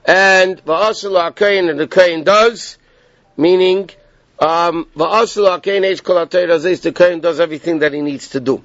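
A high-pitched man with a fairly bright tone teaches a Torah class at normal speed, taking a text apart step by step and checking in with his students. He repeats points and prompts with "okay?". There's no room sound, and the recording is dull, lo-fi and dry.

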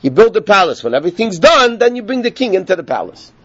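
A man teaching a Torah class, telling stories with animated emphasis and peppering his talk with Hebrew learning terms. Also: sits high, fast talker, breathy edge, dry recording, highs cut off. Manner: animated storytelling, rising with emphasis, Yiddish-inflected learning terms. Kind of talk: Torah lecture.

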